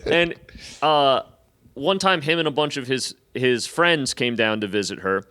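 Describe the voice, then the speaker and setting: Bright-voiced man telling a wild story. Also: medium pitch, normal speed, smooth. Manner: animated, acts out quotes in raised voices; profane, self-mocking. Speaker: stand-up comedian, podcast guest. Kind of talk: casual storytelling.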